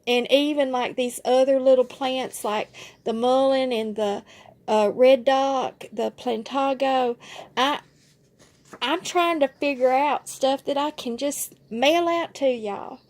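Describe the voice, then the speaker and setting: A Southern US woman chats casually to her viewers in a rambling, folksy, heartfelt way. Her voice sits a little high, and she speaks in a very slow drawl. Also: steady tone, darkish tone. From southern United States. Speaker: vlogger. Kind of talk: casual chat to camera.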